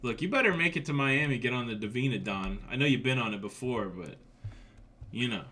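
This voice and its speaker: A man's voice: medium pitch, a little fast, pushed and bright. A man co-hosting a casual live stream, joking with his wife and reading out viewer comments, with a slight chest cough. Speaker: livestream co-host.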